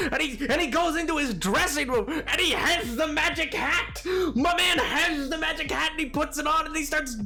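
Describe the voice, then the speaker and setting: A man streaming a game, chatting in an animated, rambling way and often cutting himself off mid-sentence. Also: extremely high pitch, normal speed, hardly any pauses. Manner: animated, rambling, self-interrupting. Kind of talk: casual chat while gaming.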